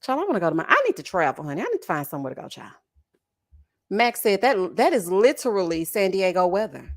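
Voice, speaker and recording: A woman hosts a reality TV reaction show, chatting in a sassy way, laughing loudly, and calling her viewers honey and child. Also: medium pitch, big pitch swings, quick pace. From Texas. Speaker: host of a reality TV reaction channel. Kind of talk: casual reaction commentary.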